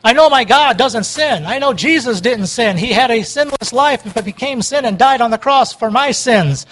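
A man preaching a sermon, emphatic and swinging between loud urging and quiet pleading prayer. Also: very high voice, poor audio.

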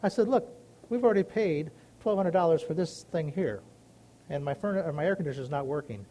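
A Christian man shares a personal story in a casual, rambling devotional talk, telling everyday stories earnestly and folksily with many asides. His voice is fairly high, expressive, and dark-toned, and he talks fairly quickly.

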